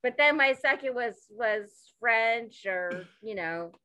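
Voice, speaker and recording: A woman co-hosting a podcast in a bright, fairly high voice, talking at an unhurried pace. She is playful and excitable, often exclaiming. The recording is close and dry. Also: no echo. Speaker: podcast co-host. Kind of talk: casual comedic chat.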